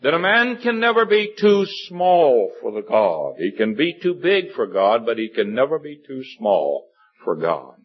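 A man's voice: wildly swooping pitch, unhurried, husky. A man preaching a sermon in an earnest, rambling way, his voice climbing for emphasis and stopping often for fillers. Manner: earnest, rises in pitch for emphasis, many fillers. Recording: dull lo-fi recording.

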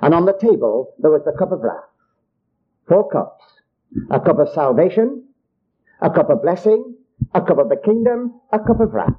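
A man's voice: high voice, very animated, moderate pace, pauses often, slightly rough. An older man preaching a sermon in an earnest, repetitive way, often calling his hearers child of God. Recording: dull lo-fi recording.

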